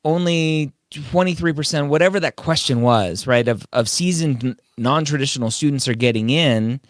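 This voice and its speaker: A man of medium pitch hosts a casual advice podcast. He talks emphatically, hammering his points home with rhetorical questions. His voice is close and dry, with no room sound. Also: normal speed, dry recording. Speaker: podcast host.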